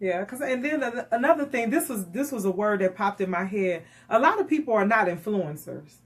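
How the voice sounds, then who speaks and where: A woman's voice: mid-range voice, brisk. A middle-aged woman co-hosting a faith-based radio talk show, telling stories and acting out the dialogue. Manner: animated storyteller who acts out quoted dialogue.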